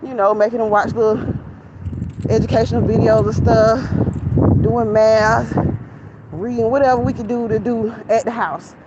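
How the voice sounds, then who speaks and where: A woman's voice: fairly high pitch, fairly even intonation, moderate pace, long pauses. A young woman, rambling casually and candidly to viewers while out of breath on a walk. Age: young adult. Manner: chatty, candid, venting to viewers. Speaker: vlogger. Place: outdoors near a shopping center. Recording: lo-fi phone audio, traffic noise.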